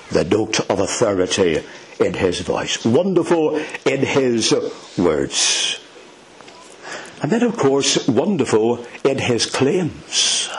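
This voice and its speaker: Male preacher, sermon, very slow delivery, emphatic, rhetorical questions, mid-pitched voice. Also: poor audio.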